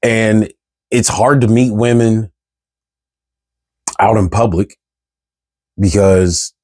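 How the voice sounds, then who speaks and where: A man's voice: fairly low pitch, fairly even intonation, slow pace, mellow, no room sound. Exasperated, cursing man ranting to camera. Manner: exasperated, profane, rhetorical questions. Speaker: vlogger. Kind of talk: candid ranting monologue.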